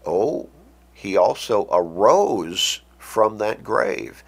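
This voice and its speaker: A man with a fairly low voice preaches a radio sermon. He speaks slowly and deliberately, leaning hard on key words as he quotes scripture. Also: big pitch swings, vocal fry. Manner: emphatic, slow and deliberate, quoting scripture.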